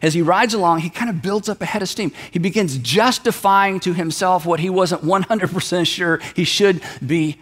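A man's voice: high-pitched, moderate pace, hardly any pauses. A man preaching a sermon, retelling a story in a conversational way and acting out the characters' lines. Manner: animated, conversational, acts out the characters. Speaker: pastor.

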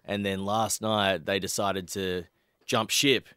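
A man's voice: on the low side, flat delivery, slow, a bit bright, smooth, no echo, clean studio sound. A man, nasal from a cold, bantering and asking questions as podcast host. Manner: jokey, banters, asks questions. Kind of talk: casual chat.

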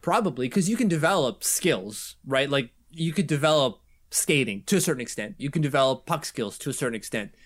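Animated, laughing man chatting casually. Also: mid-range voice, fairly quick. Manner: animated, loose, laughs often. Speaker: podcast co-host. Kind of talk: casual hockey chat.

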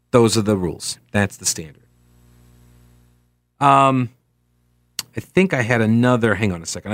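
A man's voice: medium pitch, a bit bright, no echo, studio quality. A man hosting a political talk show, speaking casually and sarcastically while reading listener tweets aloud with frequent asides.

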